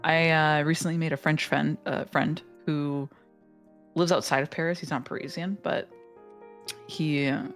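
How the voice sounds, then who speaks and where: A man from the United States chatting casually on a stream, halting with many fillers. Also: a little high, level tone, fairly bright tone, faint music behind. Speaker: stream guest. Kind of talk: casual chat on a voice call.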